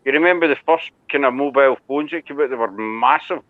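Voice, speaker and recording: A man's voice: medium pitch, fast talker, no echo. A man from Scotland with a Scottish accent, chatting casually on a live stream and rambling along with the occasional swear. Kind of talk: casual chat. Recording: tinny phone-like line, dry.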